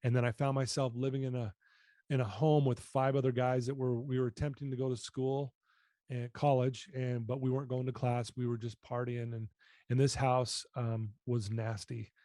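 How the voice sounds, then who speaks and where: In a clean, echo-free studio recording, a middle-aged man shares his personal story as an interview guest on a podcast. His mellow, mid-range voice stays flat at a moderate pace, and his earnest, candid confession is full of repeated phrases.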